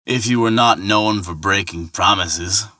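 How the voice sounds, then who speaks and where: A sly old gray-bearded ferryman, played by a male storyteller, jeering in a smooth, scathing way. His voice is bright and sharp. The sound is dry and close to the mic. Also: on the low side, a little slow, no echo. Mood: taunting. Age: older.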